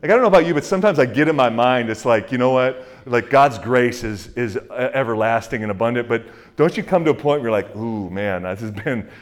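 A man's voice: medium pitch, expressive, quick pace, hardly any pauses. Man preaching in a casual, chatty way. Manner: conversational preaching with fillers and acted-out quotes; drops to a hushed, soft voice in prayer. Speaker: pastor. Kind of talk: sermon.

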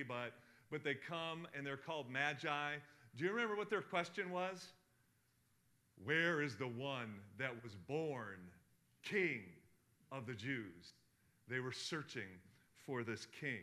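A middle-aged man preaching a sermon, asking the congregation questions and swinging from hushed to loud. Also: fairly high pitch. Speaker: pastor.

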